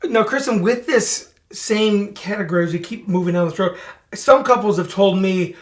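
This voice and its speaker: A man's voice: high voice, moderate pace. Earnest middle-aged man co-hosting. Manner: earnest, storytelling, animated quoting. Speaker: podcast co-host. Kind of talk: casual chat.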